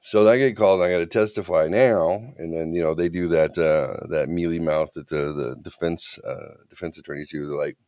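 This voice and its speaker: A man's voice: low voice, brisk, hardly any pauses, dry recording, clean studio sound. A middle-aged man hosting a casual chat show, telling a story with swearing and acted-out quotes. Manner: animated, swearing, mimics others in quotes. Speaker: podcast host.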